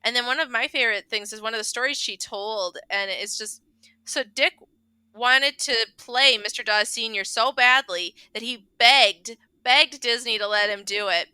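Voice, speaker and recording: A woman's voice: a little high, sharp tone, clean tone, dry recording. A woman guest on a movie podcast, telling stories with enthusiasm and frequent giggles. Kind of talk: casual movie podcast chat.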